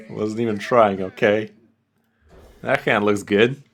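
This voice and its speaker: A man streaming a card game, giving excitable, trash-talking and profane casual gameplay commentary. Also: on the low side, slow pace.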